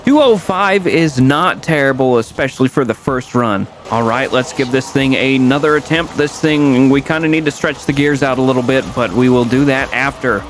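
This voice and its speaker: A young man giving casual, rambling commentary over a car video game, correcting himself often and jumping up in pitch when something surprises him. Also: moderate pace, few pauses. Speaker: gaming YouTuber.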